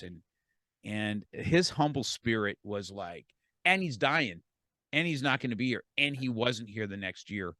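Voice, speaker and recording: A middle-aged man with a lowish voice tells a personal story as a podcast guest, quoting himself and others and repeating words as he goes. The sound is close and dry, with almost no room around it. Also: lively intonation, normal speed, pushed and bright, no echo.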